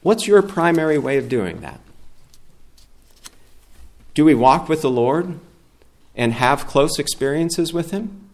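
A man's voice: fairly high pitch, big pitch swings, slow, long pauses. A middle-aged man preaching a sermon as a guest pastor, reading scripture out with rising force.

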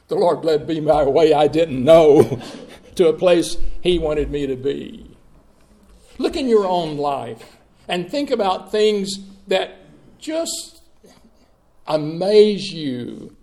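Brief: male pastor, slow and emphatic sermon delivery, slightly high voice, dramatic soft-to-loud swings. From Mississippi.

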